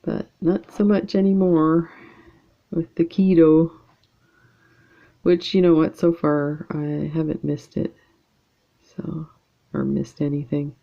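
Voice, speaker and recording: A woman's voice: low-pitched, little pitch movement, slow, vocal fry, pauses often, muffled recording. A woman with a casual, rambling way of talking, chatting to viewers while she works on a beading project at home. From Canada. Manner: rambling, chatty, lots of fillers. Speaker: beading channel host.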